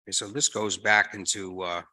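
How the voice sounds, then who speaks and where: A man chairing a town board meeting, speaking haltingly with fillers. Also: lowish voice, fairly even intonation, pushed and bright, low-quality recording.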